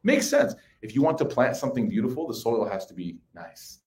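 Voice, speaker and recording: A man in his thirties giving a sermon to a live audience, telling personal stories in a conversational, animated way. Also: mid-range voice, brisk. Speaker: religious speaker. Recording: echoey room.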